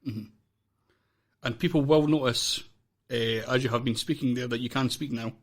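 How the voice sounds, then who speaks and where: A man's voice: medium pitch, normal speed. A Scottish man hosting a podcast, chatty and friendly, with rambling phrasing. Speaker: podcast host. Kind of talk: casual chat.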